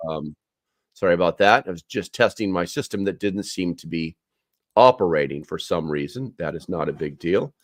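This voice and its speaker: A man's voice: low-pitched, normal speed, no room sound, clean studio sound. A man hosting a casual live stream, rambling with many fillers as he chats with viewers.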